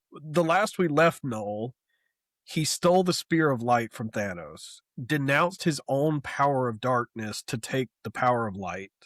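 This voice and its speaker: A young man co-hosting a casual comic book podcast, talking in an animated, profane way and mocking the characters he retells. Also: mid-range voice, dry recording, clean studio sound. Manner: animated, profane, mocks characters in quoted asides. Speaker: podcast co-host.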